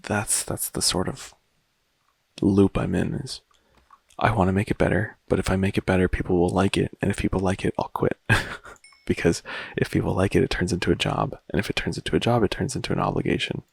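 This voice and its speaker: A man musing quietly in a casual, rambling way while playing a game, with a lot of vocal fry when he speaks softly. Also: deep voice, fairly even intonation, a little fast, no echo. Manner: soft-spoken, rambling and reflective. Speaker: gaming vlogger.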